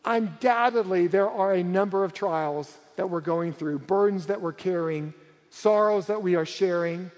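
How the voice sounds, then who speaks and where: A man's voice: sits high, normal speed, darkish tone, lo-fi sound. A man preaching a sermon as pastor, earnest and emphatic, repeating key words for weight. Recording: reverberant hall.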